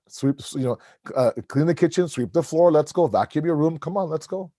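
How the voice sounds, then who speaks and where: A middle-aged man preaching to a congregation in a relaxed, storytelling way, slipping into the voices of his children and the doctor as he goes. His tone is mellow and warm, and the sound is close and dry, with little room echo. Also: on the high side, normal speed. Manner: storytelling, animated, acts out family dialogue. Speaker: speaker at a religious gathering. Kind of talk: conversational sermon. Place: mosque hall.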